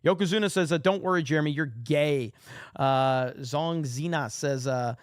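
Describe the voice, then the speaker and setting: A man hosts a casual livestream. His voice sits a little high and sounds dry and close, with no room around it. He reacts to chat comments and repeats his points with blunt, profane emphasis. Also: moderate pace, smooth, dry recording. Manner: reads chat comments aloud. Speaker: podcast host.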